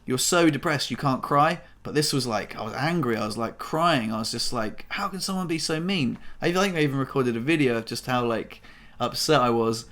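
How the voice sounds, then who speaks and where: A man's voice: medium pitch, a little fast, fairly bright tone. Casual rambling man telling a story. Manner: casual, rambling, many fillers and swearing; emotional, voice rising when upset. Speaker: vlogger. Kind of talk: personal storytelling vlog.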